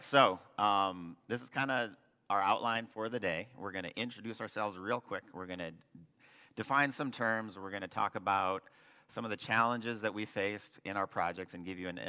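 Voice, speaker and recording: A man's voice: lowish voice, sharp tone. A man, a local developer, presenting slides to an audience with earnest, restart-filled explanations. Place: meeting hall with audience. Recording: long hall reverb.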